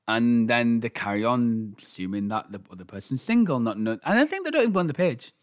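A man co-hosts a casual chat podcast with a middle-pitched voice that swings widely. He teases and jokes, and he laughs a lot along the way. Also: sing-song, quick pace, hardly any pauses. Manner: playful, teasing, laughs often. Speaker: podcast co-host.

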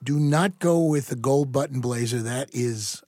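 A man's voice: mid-range voice, measured pace, a little mellow, no echo, clean studio sound. A middle-aged man co-hosting a casual chat, teasing and wisecracking, then explaining with expert confidence. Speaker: co-host.

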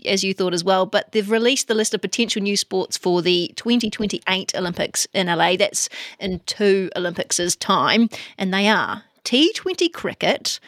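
A woman's voice: mid-range voice, a bit bright, no echo, clean studio sound. A woman with a New Zealand accent co-hosting a podcast, chatting casually with a wry tone. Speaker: co-host.

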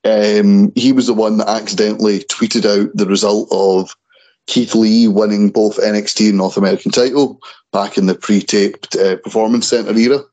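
A man's voice: lowish voice, steady tone, moderate pace, darkish tone, rough recording. A man hosting a casual wrestling chat podcast, tripping and restarting over names. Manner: stumbles and repeats words on names. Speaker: podcast host.

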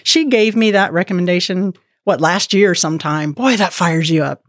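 A woman's voice: fairly low pitch, normal speed, no room sound, clean studio sound. A woman from the United States hosting a podcast, playful and joking in casual chat. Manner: playful, joking, self-mocking. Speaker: podcast host.

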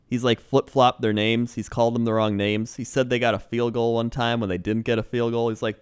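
A man's voice: medium pitch, little pitch movement, brisk, smooth. A young man co-hosting a casual comedic chat, laughing often and mocking sports announcers. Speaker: podcast co-host.

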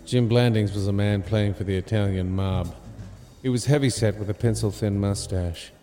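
Deadpan man narrating a comic audio drama, mellow low voice, reverberant sound, music behind. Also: moderate pace. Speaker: narrator and lead performer.

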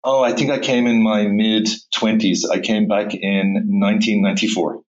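A man's voice: lowish voice, level tone, moderate pace. A middle-aged man with a Dublin Irish accent, chatting casually as an interview guest, laughing easily and stumbling over restarts. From Ireland. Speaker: guest, tech executive. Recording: dull lo-fi remote audio.

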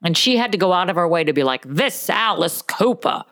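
A woman's voice: lowish voice, lively intonation, rapid-fire, a bit bright. A woman co-hosting a casual comedy chat, playfully reading letters aloud in mock voices. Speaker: podcast co-host.

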